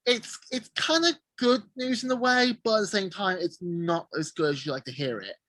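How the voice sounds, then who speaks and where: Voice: medium pitch, moderate pace, a bit bright, no echo. A podcast interviewer asking questions in a playful, teasing way. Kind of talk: casual interview chat.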